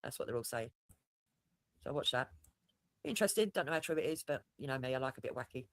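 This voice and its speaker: A fast-talking man chats on his own livestream, rambling from story to story and swearing without a second thought. His voice sits close and dry, with no room around it. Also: mid-range voice, animated, no room sound. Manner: rambling, swears freely, laughs at himself. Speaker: livestream host. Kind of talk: casual livestream chat.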